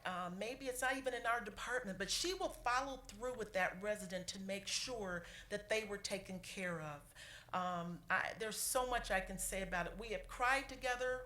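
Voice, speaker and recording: A woman serving as city clerk gives a heartfelt, halting tribute at a council meeting, pausing often and fighting back tears. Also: medium pitch, fairly bright tone. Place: council chamber. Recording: echoey chamber with faint room noise.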